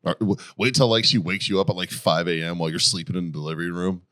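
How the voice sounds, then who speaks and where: A man's voice: low-pitched, quick pace, fairly bright tone. A man co-hosting a podcast, trading crude, laughing banter in casual chat. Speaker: podcast co-host.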